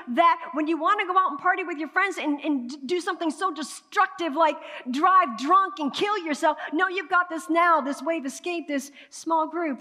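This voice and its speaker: A woman pastor preaching a sermon in a high, bright voice that rings with the long reverb of a church sanctuary. She calls out to the congregation for answers and moves between quiet, close asides and loud, emphatic bursts.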